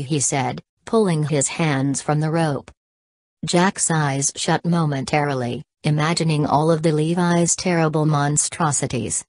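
A woman's voice: low voice, a little slow, a little mellow, dry recording. A woman narrating an audiobook, reading every punctuation mark aloud. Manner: reads punctuation marks aloud.

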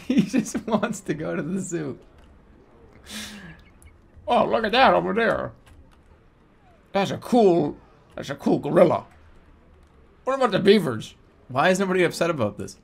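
A man streaming a video game, giving excitable live commentary and laughing often. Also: high voice, slow, vocal fry, pauses often, husky.

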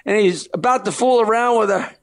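A comedian firing off quick jokes and cackling at his own punchlines. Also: sits high. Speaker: comedian guest. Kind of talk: rapid-fire joke telling.

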